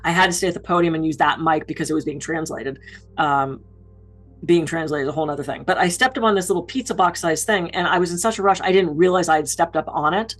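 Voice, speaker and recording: Lower-voiced woman telling lively speaking stories. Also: quick pace, faint music behind, low-quality recording. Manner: lively self-deprecating storytelling. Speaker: keynote speaker. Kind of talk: public speaking advice talk.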